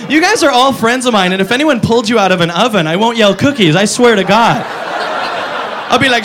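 A man doing a stand-up comedy routine on a club stage, animated and slipping into silly voices. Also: very high-pitched, brisk. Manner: animated, jumps into silly voices for his bits. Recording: noisy live club recording with crowd.

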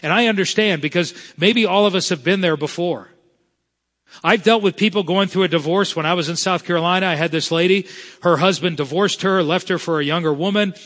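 A man from South Florida preaches to his congregation with a slightly high voice. He talks earnestly and slows down to stress the scripture he reads. His words ring out with a long reverb through a large church sanctuary. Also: a bit bright. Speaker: pastor. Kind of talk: sermon.

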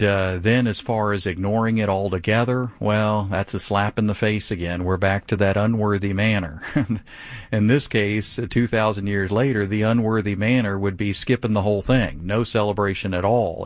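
A man with a lowish voice, a pastor taking a call on a teaching show. He preaches in an animated, emphatic way, pushing hard on his points. The sound is dry and close, with no room echo. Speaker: pastor answering callers.

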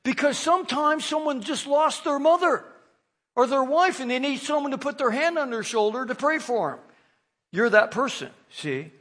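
A male pastor delivers a sermon in a high, light voice. He moves between reading scripture and joking with the congregation, acting out the figures in the passage. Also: moderate pace. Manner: animated, jokey, acts out quoted figures.

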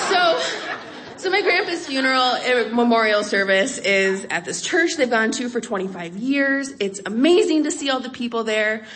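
Young woman, live storyteller, animated and wry, fairly high voice, faint audience murmur and laughter. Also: crowd noise, background noise. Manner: animated, wry, quick shifts to high pitch for emphasis. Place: stage before an audience.

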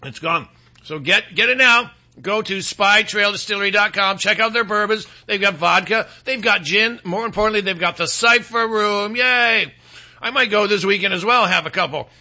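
A man from Michigan hosting a talk show, rambling and sarcastic, clearing his throat now and then between political rants and ad reads. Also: sits high, moderate pace, sharp tone. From Michigan, USA.

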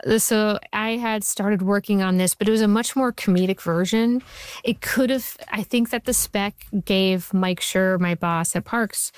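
A woman's voice: medium pitch, measured pace, clear, resonant tone, no room sound. A woman in her forties, a TV writer, giving chatty interview answers full of stories and fillers. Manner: chatty storyteller, many fillers. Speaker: TV writer and showrunner.

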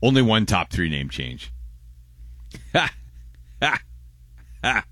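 A young man, hosting call-in talk radio, quick and loose as he reads listener texts aloud. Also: low-pitched, big pitch swings, fairly bright tone, no echo. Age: young adult. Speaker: radio host. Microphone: close studio microphone.

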